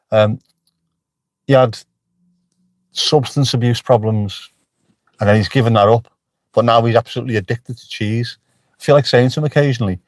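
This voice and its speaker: The voice is a middle-aged man's, mid-range and a little mellow, with no room sound. As host of a casual livestream, he answers the chat while joking and swearing freely.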